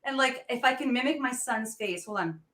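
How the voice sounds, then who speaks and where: A woman in her thirties hosting a podcast, chatting in an excited, gushing way with frequent laughs. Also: a little high, fairly quick, echoey room. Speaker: podcast host. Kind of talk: casual interview chat.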